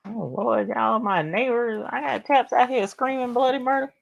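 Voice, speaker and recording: A woman hosting a casual craft livestream, chatting and greeting viewers by name with drawn-out exclamations. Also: fairly high pitch, gravelly, dry recording, dull audio.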